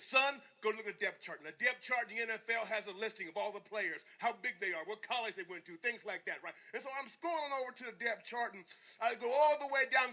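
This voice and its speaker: A man, a former football player, telling a story to a live audience as a motivational speaker, animated, dropping quiet and then shouting. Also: high voice.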